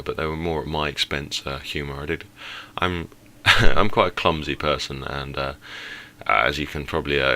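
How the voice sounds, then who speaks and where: A man's voice: low-pitched, sharp tone. A young man telling a story casually over gameplay, rambling, with many fillers and self-corrections. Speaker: gaming channel host.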